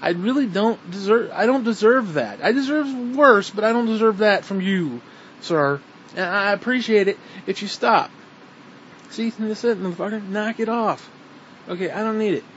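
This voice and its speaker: A man's voice: high voice, moderate pace. A man delivering an angry, profane, repetitive rant straight at the listener. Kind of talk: ranting monologue to the camera. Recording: dull lo-fi recording with faint noise.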